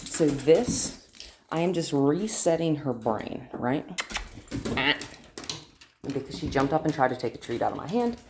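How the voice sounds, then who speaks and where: A woman dog trainer explaining her steps to viewers while working a dog indoors, breaking into high praise. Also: animated, normal speed, a little mellow, slight background noise. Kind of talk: instructional dog training demo.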